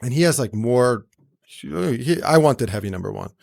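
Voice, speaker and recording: A young man, a guest in a casual interview, telling animated stories and acting out other people's voices, with lots of fillers. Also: mid-range voice, moderate pace, creaky. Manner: animated, acts out quoted voices, many fillers. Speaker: actor and entrepreneur, guest.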